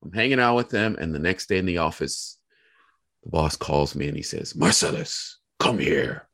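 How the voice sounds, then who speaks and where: A young American man telling a work story in a casual, animated way, acting out the people he quotes. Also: low-pitched, brisk, gravelly. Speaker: guest.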